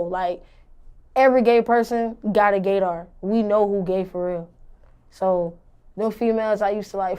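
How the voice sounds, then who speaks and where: A woman's voice: medium pitch, a little mellow, clean tone. A young woman rapper answering interview questions in a blunt, confident, slangy way.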